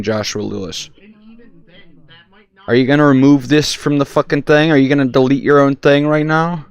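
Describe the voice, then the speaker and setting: A man streaming a social VR game, talking in a profane, teasing and excitable way over a headset mic. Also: mid-range voice, clear, resonant tone. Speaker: VRChat streamer. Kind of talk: casual game chat.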